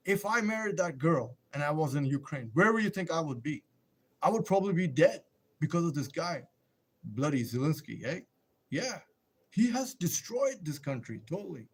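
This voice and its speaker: A man's voice: mid-range voice, breathy edge. A man hosting a casual live stream, rambling and emphatic, firing off rhetorical questions and answering viewer comments.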